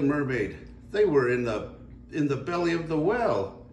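An older man, a grandfather, reading a children's picture book aloud with a chuckling, lively manner. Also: fairly high pitch, moderate pace, echoey room, slight background noise. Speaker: grandpa storyteller.

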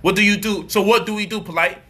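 A man with a high, cutting voice delivers a street-style commentary monologue. He is profane and mocking, slipping into acted-out voices of the people he describes. His tone is sharp and piercing throughout. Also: quick pace, breathy edge. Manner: animated, profane, mocking, acts out quoted voices.

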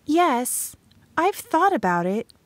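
A woman's voice: high voice, slow, no echo, pitched above the performer's own voice, full character voice. A woman voicing an earnest, spirited eighteen-year-old schoolteacher in an audiobook. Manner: lively, bright-toned dialogue reading.

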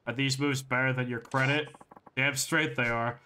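A man's voice: medium pitch, steady tone, moderate pace, pushed and bright, slight background noise, natural voice. A man reading aloud the lines of a frightened, boastful older male dancer fleeing from debt collectors in a video game.

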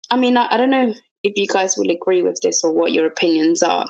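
A woman's voice: lowish voice, a little fast, creaky, hardly any pauses, dry recording, rough recording. A young woman co-hosting a casual chat podcast, telling stories frankly and with lots of laughter. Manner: frank, animated storytelling with laughs. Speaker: podcast co-host.

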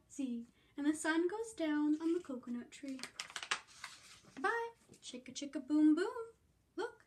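A woman preschool teacher reading a picture book aloud to young children, slow and sing-song, coaxing them to join in. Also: sits high, slight background noise.

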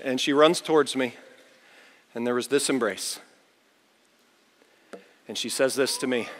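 A pastor preaching a chapel sermon, telling a story with big swings between loud, high bursts and quiet, low asides. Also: male voice, unhurried. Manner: animated storyteller with wide swings in pitch and loudness. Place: large university chapel. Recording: long reverb of a large hall.

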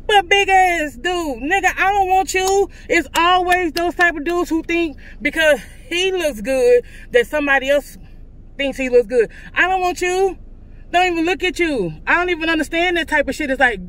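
A woman vlogger venting casually to her viewers, loud and profane, from in or near her car. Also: very high-pitched, normal speed.

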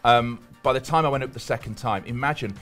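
A man's voice: medium pitch, fairly bright tone, faint music behind. A man co-hosting a live race show in casual, joking banter. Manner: fast-talking, joking.

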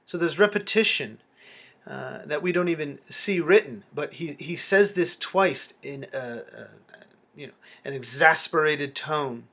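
Guy doing a slow close reading of a poem, kinda high voice, lots of uh and restarts. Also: lively intonation, creaky, bright, forceful tone. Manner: halting and reflective, with frequent fillers and restarts. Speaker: literature lecturer.

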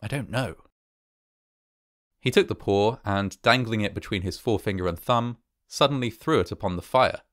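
A man narrating a classic horror story in a measured, even way. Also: on the low side, no echo, studio quality.

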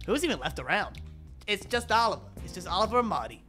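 A man with a Sheffield accent, streaming as a rat character in game role-play. His voice is very bright and piercing, with a gravelly fry at its edges. He is excitable and yells out comic bits. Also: sits high, brisk, soft background music.

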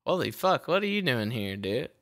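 Excitable, swearing male streamer. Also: mid-range voice, normal speed. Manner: excitable, profane, yelling at characters. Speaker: streamer playing a video game. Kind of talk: live gameplay commentary.

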